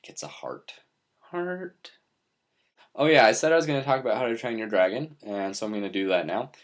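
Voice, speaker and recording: A man's voice: lowish voice, rapid-fire. A young man vlogging off the cuff, rambling in a playful, goofy way about movies. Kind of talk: unscripted monologue to camera.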